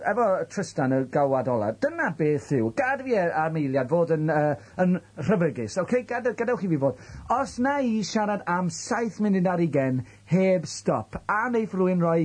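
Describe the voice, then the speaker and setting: A man's voice: sits high, a little mellow. A man with a Welsh accent hosting a radio show, teasing guests and rambling between Welsh and English. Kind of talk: chaotic bilingual radio banter. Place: radio studio.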